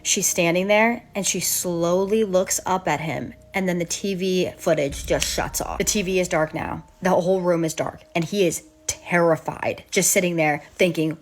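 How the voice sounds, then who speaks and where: A woman's voice: on the low side, expressive, moderate pace, few pauses. A woman host narrating an eerie true story with dramatic build and gushing asides to her viewers.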